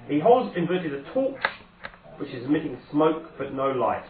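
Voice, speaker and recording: A man's voice: a little high, big pitch swings, normal speed, crowd noise. A man narrating a tabletop game as game master, speaking conversationally with frequent hesitations and self-corrections. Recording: echoey, distant, phone-like sound.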